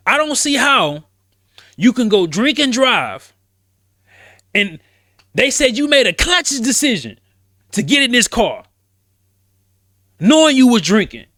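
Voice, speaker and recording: A man's voice: sits high, fairly bright tone, no echo, clean studio sound. A man hosting a casual commentary show, talking bluntly and emphatically in slang, often repeating words as he rants. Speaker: commentary host.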